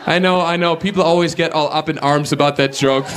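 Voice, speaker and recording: A man from Germany, doing stand-up crowd work on a club stage, animated and shouting his punchlines. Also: fairly high pitch, fairly quick. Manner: animated, shouts punchlines and acts out quoted voices. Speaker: stand-up comedian. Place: comedy club stage with a live audience. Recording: live club recording with audience noise.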